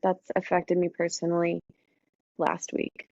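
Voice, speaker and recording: A woman chatting casually as a podcast co-host. She pauses and restarts as she pulls her thoughts together. Her voice sits dry and close on a slightly muffled mic. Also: fairly low pitch, completely flat delivery, vocal fry, darkish tone, dry recording. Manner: halting, gathers thoughts mid-sentence. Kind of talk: casual chat among friends.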